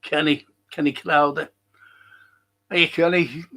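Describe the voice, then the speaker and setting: A man's voice: a little high, fairly even intonation, slow pace, pushed and bright. A middle-aged man hosting a casual live stream, reading out viewer comments, answering them and swearing now and then.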